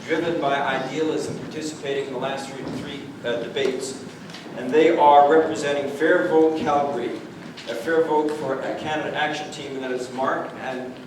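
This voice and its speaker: A man's voice: a little high, steady tone, normal speed. A man moderating a candidates' forum, speaking to the audience and telling jokes between the formalities. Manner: jokey, tells anecdotes to the crowd. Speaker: debate moderator. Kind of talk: public forum hosting. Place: large hall, recorded from far. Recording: echoey hall from far off, noisy.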